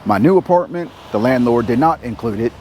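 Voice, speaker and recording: A man's voice: medium pitch, animated, fairly quick, a little mellow, slight background noise. A man talking casually to camera as a vlogger, laid-back and joking, walking around a market and a laundromat. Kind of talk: casual vlog narration. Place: outdoors on city streets, market and laundromat.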